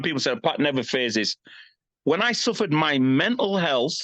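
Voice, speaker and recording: A man in his fifties talks candidly as a podcast guest in an interview, blunt and emphatic, swearing freely and often asking "you know what I mean". His fairly high, fairly bright voice is very animated at normal speed. The recording has no echo but a slightly dull lo-fi sound.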